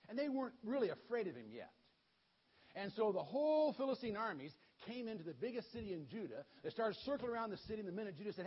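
A man with a high, husky voice tells a Bible story to children, and his pitch swoops up and down as he dramatizes it. The recording is dull and lo-fi. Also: quick pace. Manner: lively, folksy, dramatic storytelling.

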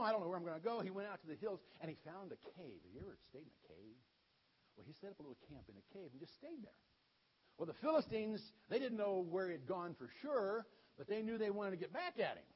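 Guy doing a kids' bible story sermon, high husky voice, folksy and dramatic, dull lo-fi sound. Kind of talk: retelling a Bible story to children.

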